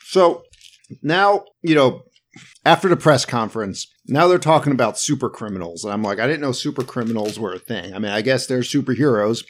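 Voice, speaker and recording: A man in casual podcast chat, walking through a film scene by scene. His pitch sits mid-range but swings widely as he talks. He drops dry, sarcastic asides along the way. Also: a little fast. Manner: lively, recaps the plot with sarcastic asides. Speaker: podcast co-host. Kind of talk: casual movie discussion.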